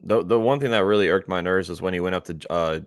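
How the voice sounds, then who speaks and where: A man's voice: low voice, quick pace, dry recording, clean studio sound. A man co-hosting a casual football talk show, laid-back and chuckling, greeting chat viewers as he talks. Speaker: sports show co-host.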